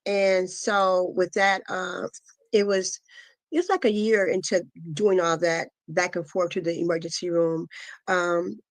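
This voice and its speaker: A middle-aged woman giving a guest interview, telling a painful personal story in an earnest, halting way full of pauses and fillers. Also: lowish voice, fairly even intonation, dry recording. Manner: earnest, intense retelling. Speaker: guest, asthma foundation founder. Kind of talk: emotional personal testimony.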